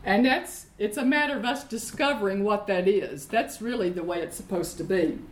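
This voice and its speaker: A middle-aged woman preaching a sermon, reading Bible verses slowly and repeating key phrases. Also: mid-range voice, a little hiss or hum. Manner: leads call-and-response with congregation. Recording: echoey room.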